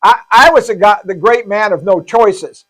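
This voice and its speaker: A man's voice: high voice, fairly bright tone. A man, a pastor, telling a story in a casual interview, stumbling and repeating words and acting out the lines of others. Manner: halting, repeats words, acts out quoted dialogue. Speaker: pastor, shelter founder.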